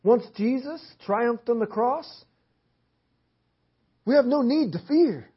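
A man with a very high, husky voice preaches slowly in a church hall. He drives his points home with emphatic, repeated phrases in a repetitive preaching cadence. The sermon audio is dull and lo-fi.

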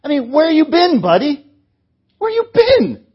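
A man voicing an incredulous male traveler, speaking sarcastically and loudly in a dull lo-fi recording. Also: very high-pitched, huge pitch swings, a little slow, voice pushed up, heavily acted. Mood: sarcastic, incredulous. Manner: sarcastic, exasperated, loud.

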